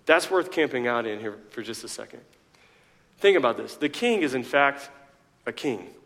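A man's voice: mid-range voice, animated, normal speed, vocal fry, a bit bright, big-room sound. A male pastor preaching a sermon in a conversational way, full of rhetorical questions and joking asides.

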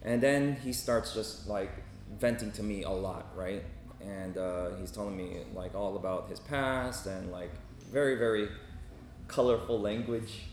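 A man with a fairly low voice tells a story from his work as a hospital chaplain, talking casually to a group. He keeps checking in with listeners with a quick "right?" or "okay?". The recording has a roomy echo and a faint hum of ambience behind him.

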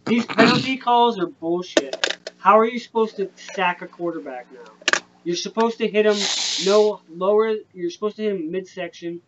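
A man hosting a casual sports podcast, rambling with lots of fillers and swearing. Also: normal speed. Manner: profane, rambling, filler-heavy. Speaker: podcast host. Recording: dull lo-fi with faint rumble.

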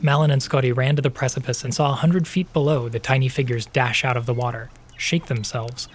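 A man narrating a fantasy story as the podcast's host, in even, measured storytelling. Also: medium pitch, faint music behind. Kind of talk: scripted audiobook narration.

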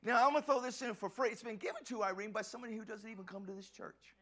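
A man preaching a passionate sermon as a pastor, often shouting and stumbling over restarts. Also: high voice, fairly even intonation, racing.

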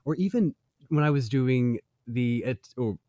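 Relaxed male voice actor guest, mid-range voice, dry home-mic sound, chatty and amused. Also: medium pitch, measured pace, dry recording, dull audio. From United States. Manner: easygoing, laughs often, trails off mid-sentence. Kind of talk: casual interview chat. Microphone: home recording mic.

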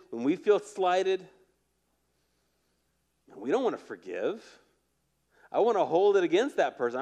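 Guy preaching a sermon, chatty storytelling, slightly higher voice, gets hushed and low for the big points. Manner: conversational, animated storytelling with acted quotes. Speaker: pastor.

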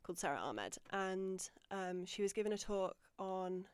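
A woman in casual podcast chat tells a story with plenty of energy, voicing the people in it as she goes. Her voice sits in a middle pitch and sounds dry and close to the mic, with almost no room around it. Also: moderate pace, smooth, no room sound. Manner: animated storyteller, acts out quotes, gets louder when excited. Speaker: podcast guest.

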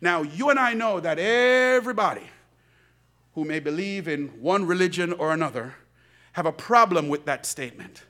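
A man delivering a sermon as pastor. His voice sits high and swoops widely, moving from quiet, low asides to loud, emphatic peaks. His tone is bright, and he breaks into laughter now and then. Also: moderate pace. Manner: animated preaching, rising to shouts, laughing asides; swings between soft low asides and loud emphatic lines.

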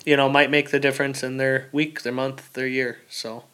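A man, a military veteran, talking plainly in a casual interview, halting with fillers and repeated words. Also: medium pitch, little pitch movement, sharp tone, smooth.

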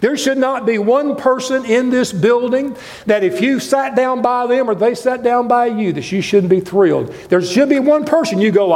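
An older man preaching a sermon as a guest preacher in a church, impassioned, swinging between loud highs and quiet lows. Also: animated, moderate pace. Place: church sanctuary. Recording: long reverb of a church hall.

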